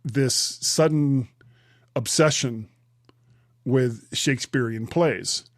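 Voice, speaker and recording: A man's voice: mid-range voice, slow pace, no echo, studio quality. A man hosting a podcast, chatting casually and laughing easily. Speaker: podcast host. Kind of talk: casual chat.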